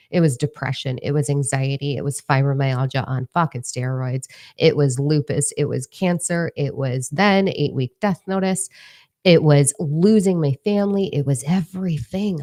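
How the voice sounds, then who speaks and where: A woman's voice: deep voice, darkish tone. A middle-aged woman giving a candid motivational monologue, blunt and profane, driving her points home by repeating words. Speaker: motivational speaker.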